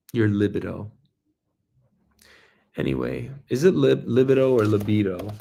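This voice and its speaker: A man in his thirties hosting his own show, talking in a rambling, jokey monologue with swearing and sudden loud bursts. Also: lowish voice, vocal fry. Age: 30s. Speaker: host. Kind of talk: casual solo monologue.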